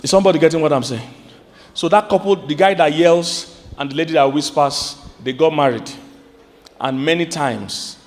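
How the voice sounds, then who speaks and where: A Nigerian man preaches in a high, bright register, leaping up sharply for emphasis and quizzing the congregation. His voice rings through a large hall with a long reverb tail. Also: moderate pace. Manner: animated preaching with sudden high-pitched outbursts; asks the congregation questions. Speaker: pastor. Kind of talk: sermon.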